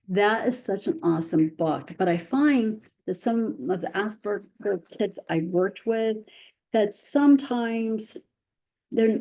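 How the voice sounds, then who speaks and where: Woman, middle-aged, mellow and warm tone, chatty presenter, asks "right?" a lot. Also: medium pitch, highs cut off. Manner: chatty, frequent "right?" asides, self-deprecating humor. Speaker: presenter and parent of a child with special needs. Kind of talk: presentation to parents.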